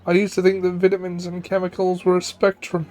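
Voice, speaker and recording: A man's voice: high-pitched, monotone, fairly quick, darkish tone. A man co-hosting a game stream, musing aloud in a dry, rambling way. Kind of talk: casual let's-play commentary.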